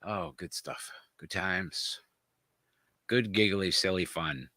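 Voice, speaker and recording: A man's voice: low voice, slow, sharp tone, dry recording. A man telling stories in casual chat, swearing freely and laughing often. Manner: laughing, profane storyteller.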